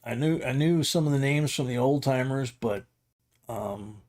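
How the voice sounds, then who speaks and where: A man's voice: mid-range voice, measured pace, a little mellow. A middle-aged man hosting a livestream, rambling through a casual anecdote with chuckles. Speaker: livestream host.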